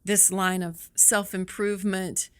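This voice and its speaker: A woman's voice: mid-range voice, flat delivery, measured pace, clear, resonant tone. A woman talking as a podcast guest, upbeat and reflective. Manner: upbeat, reflective, laughs easily. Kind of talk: casual interview chat.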